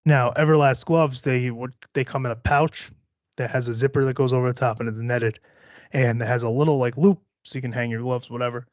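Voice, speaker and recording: A man hosting a podcast, talking casually in a brash, boastful way with constant swearing. His voice sits at an ordinary middle pitch. The sound is dull and lo-fi, and close and dry with no echo. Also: fairly even intonation, fairly quick. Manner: profane, boastful, hyper-competitive. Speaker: podcast host.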